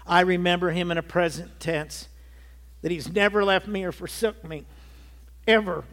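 A man's voice: sits high, fairly even intonation, moderate pace, a bit bright. A man in his early sixties preaching a sermon, giving an earnest personal testimony that builds to emphatic peaks. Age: 60s. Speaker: pastor.

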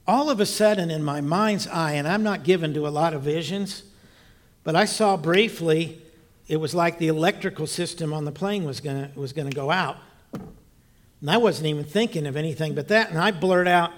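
A man preaching, telling a personal story in a lively, animated way with loud bursts and quiet asides. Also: a little high. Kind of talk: storytelling sermon.

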